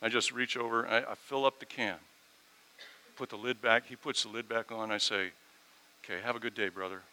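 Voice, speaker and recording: A middle-aged man preaching a sermon, telling a personal story and swinging from quiet asides to loud, emphatic peaks. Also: medium pitch, steady tone, brisk, a little hiss or hum, poor audio. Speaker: pastor.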